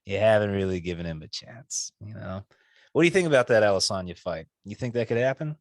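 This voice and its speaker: Laid-back male podcast co-host, lively pitch. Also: fast talker, dry recording, studio quality. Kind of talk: casual chat.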